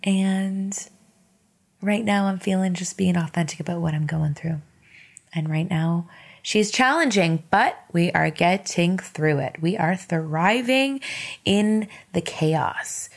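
A woman's voice: lowish voice, moderate pace, gravelly. A woman in her thirties hosting a casual solo podcast from her bed at home, candid and emotional, encouraging her listeners and swearing casually. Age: 30s. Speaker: podcast host.

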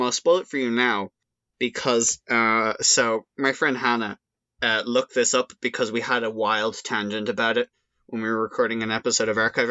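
A man's voice: medium pitch, bright, forceful tone, no room sound, highs cut off. An Irish man talking as a podcast guest in casual chat, rambling with wry, sarcastic humor. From Ireland.

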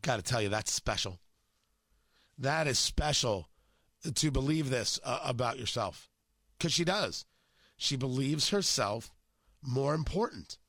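A man's voice: medium pitch, expressive, a little slow, long pauses, a bit bright, dry recording, studio quality. A male talk show host with a cold and a sore throat, delivering an emphatic, mocking political monologue. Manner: emphatic, mocking, punchy phrasing.

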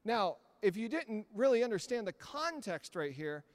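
A man preaching a sermon in an animated, conversational storytelling manner. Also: high voice, normal speed, big-room sound. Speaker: pastor.

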